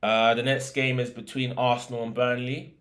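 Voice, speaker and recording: A man's voice: medium pitch, level tone, moderate pace, a bit bright. A young man hosting a football podcast, chatting casually about results and predictions with slang and filler words.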